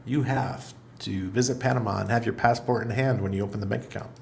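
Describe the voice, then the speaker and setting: A man's voice: lowish voice, steady tone, quick pace, creaky, slight background noise. A middle-aged man hosting a casual livestream, reading viewer comments aloud in a loose, chatty way and laughing often. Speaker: livestream host. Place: apartment in Panama.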